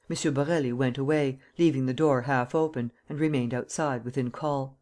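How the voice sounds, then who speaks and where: A man narrating a classic novel as an audiobook in a steady, measured reading style. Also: medium pitch. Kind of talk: scripted narration.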